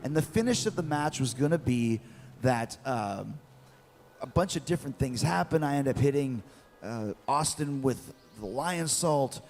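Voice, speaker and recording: A man's voice: medium pitch, a little slow. Middle-aged man telling wrestling stories. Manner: lively anecdotal storytelling with repeated words. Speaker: guest, former wrestler. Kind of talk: storytelling in an interview. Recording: long reverb with faint music.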